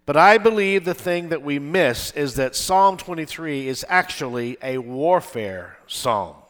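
A man's voice: a little high, animated, a little slow, fairly bright tone. An older man preaching a sermon to his congregation, with emphatic delivery, often asking them to respond. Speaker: pastor. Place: church with balcony.

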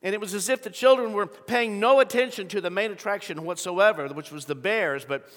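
Bright-voiced preacher in a reverberant hall. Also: male voice, high voice, brisk. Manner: storytelling preacher who builds to loud emphatic peaks; clears throat often. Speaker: pastor. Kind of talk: sermon. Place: large church sanctuary. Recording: long reverb of a large hall.

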